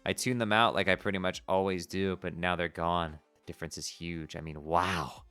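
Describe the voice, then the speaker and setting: A man voicing a weary, blunt teenage troll boy, in a low, flat, mumbled read. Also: normal speed, clean tone, dry recording, soft background music.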